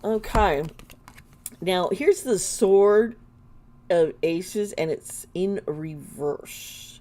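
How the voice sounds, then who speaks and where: Slow chatty lady doing live tarot readings, laughs a lot, tells it straight. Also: lowish voice, mellow. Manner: chatty, unhurried, laughs often, blunt warnings. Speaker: tarot reader.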